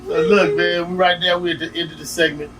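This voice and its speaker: A man's voice: on the high side, flat delivery, fast, crowd noise. A man, a rapper guest on a podcast, chatting casually and telling stories. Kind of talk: casual interview chat. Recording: distant mic with room noise.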